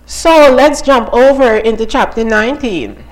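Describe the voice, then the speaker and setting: Woman Bible teacher, informal sermon with a high-pitched voice. Chatty, full of asides, asks the room questions. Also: measured pace, low-quality recording. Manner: conversational, many "you know" asides, asks the listeners questions. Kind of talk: informal sermon and personal testimony.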